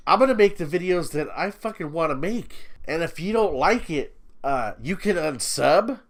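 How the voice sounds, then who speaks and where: A man's voice: high voice, fairly bright tone. A man ranting in a commentary video, profane, mocking and sneering as he talks down to his target. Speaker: YouTube commentator.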